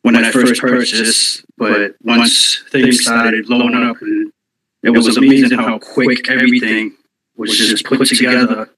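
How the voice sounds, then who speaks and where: A man speaks into his phone at a middle pitch, out of breath and halting, trailing off into ums and restarts. His voice sounds roomy, with a clear echo around it. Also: little pitch movement, a bit bright. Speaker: community member on a live audio space. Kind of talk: casual call-in talk.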